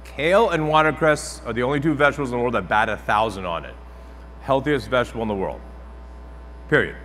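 A celebrity chef with a mid-range, fairly bright male voice chats and jokes with a crowd while running a live cooking demo on a trade show stage. There's a little hiss or hum, and the hall is echoey with faint ambience.

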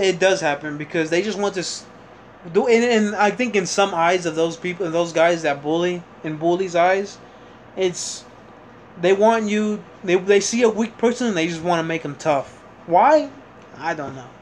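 A man's voice: high-pitched, normal speed, a little hiss or hum. A young man vlogging, telling a story about his childhood in a rambling, casual way, restarting sentences and swearing now and then.

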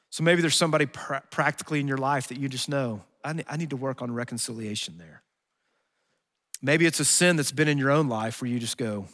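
A man preaching a sermon as pastor, in an earnest, conversational way that voices imagined speakers, then slowing into soft prayer. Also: mid-range voice. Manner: closes in soft, slow prayer. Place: church sanctuary. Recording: long hall reverb.

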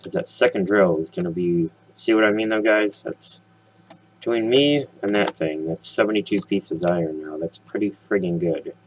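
A man's voice: low-pitched, normal speed, slight background noise, poor audio. A man hosting a casual let's play, rambling and joking as he talks straight to his viewers. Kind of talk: casual gameplay commentary.

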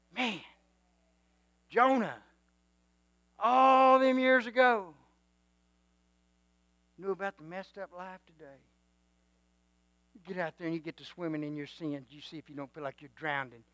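A male preacher delivering a sermon, swinging from quiet musing to loud exhortation and calling for amens. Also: high-pitched, measured pace, pauses often, no room sound.

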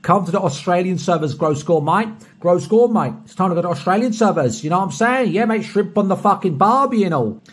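A man putting on an exaggerated mock impression of a brash Australian bloke, with a husky voice. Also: high voice, lively intonation, brisk, few pauses. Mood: cheeky.

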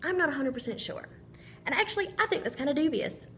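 A woman's voice: sits high, expressive, quick pace, a bit bright, a little hiss or hum. A woman teacher giving a recorded literature lesson, thinking aloud with frequent ums as she works through a story.

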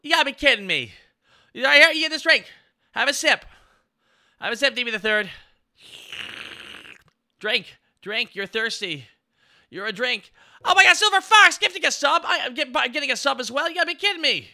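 A male streamer with an unusually high, piercingly bright voice that leaps up and down all over the place. He chats casually on a live stream and bursts into excitable, gushing thanks to his viewers. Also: moderate pace, long pauses.

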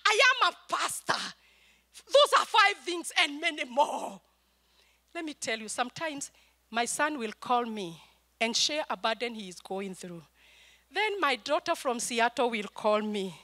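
A high, bright older woman from Kenya preaching a sermon with fervent energy. She takes her time, leaning on words and rising into shouted praise. She acts out her family's calls in quick asides. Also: very animated. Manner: quotes family calls in small voiced asides. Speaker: pastor.

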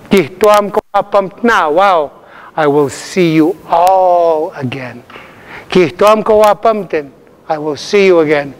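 A man teaching a language lesson to a live class, calling out words loudly for repetition and laughing often. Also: high-pitched. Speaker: Cree language instructor. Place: multi-purpose room with a live class. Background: class of learners laughing and repeating.

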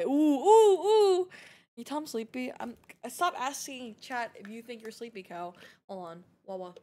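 A young woman streaming a game, chatting to her viewers in a giggly, teasing, playful way. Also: on the high side. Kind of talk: casual gaming live-stream chat.

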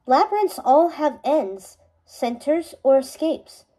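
A woman's voice: high voice, expressive, slow, mellow, poor audio. A woman voicing a proud young male prince who teases with dry quips. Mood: wry.

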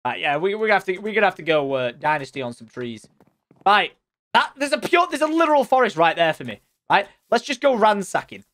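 A man's voice: high voice, sing-song, brisk, fairly bright tone. A man giving casual, chatty gameplay commentary, talking straight to his viewers and teasing them playfully. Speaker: let's play gamer.

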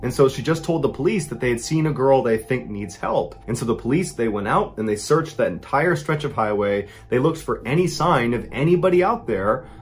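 A man narrating true scary stories as a host, building suspense and rising in pitch and loudness at the tense moments. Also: animated, a little fast, few pauses, faint music behind. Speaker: storyteller host. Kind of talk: dramatic true-story narration.

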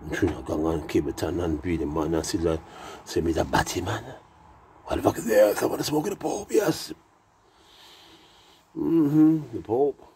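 A man's voice: low voice, moderate pace, dark tone, husky. A man who has been drinking, rambling through a profane, meandering monologue full of wordplay. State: tipsy from drinking.

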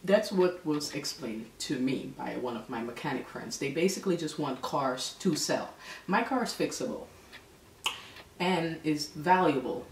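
A woman telling a story in a casual vlog, animated and exasperated. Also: deep voice, unhurried. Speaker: vlogger. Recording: echoey room, mic at a distance, faint background noise.

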